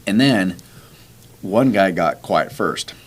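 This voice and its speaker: This podcast host's voice sits low and he takes his time. Telling a story in casual chat, he gets animated and plays out the dialogue of the people he's quoting.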